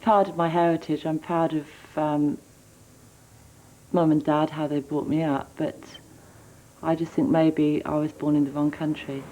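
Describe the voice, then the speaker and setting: Low-voiced, heartfelt woman. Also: flat delivery, a little slow, mellow, rough recording. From England. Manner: hesitant, heartfelt. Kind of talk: interview.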